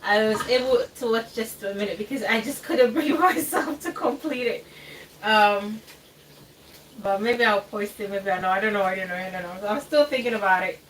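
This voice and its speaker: A woman's voice: mid-range voice, moderate pace, a bit bright. A woman hosting a live cooking stream in her home kitchen, chatting in a rambling way with frequent laughs and hesitant fillers. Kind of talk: casual livestream chat while cooking. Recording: distant mic with faint background noise.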